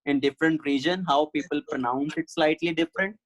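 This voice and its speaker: A man's voice: on the high side, animated, a little fast, creaky, poor audio. Patient male teacher explaining step by step. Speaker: Sanskrit teacher. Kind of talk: online class explanation.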